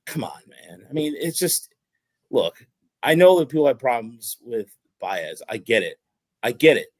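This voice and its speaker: A man's voice: medium pitch, very animated, a little slow, no echo, low-quality recording. Exasperated male sports podcast host. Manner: exasperated, ranting, many restarts. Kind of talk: casual sports podcast chat.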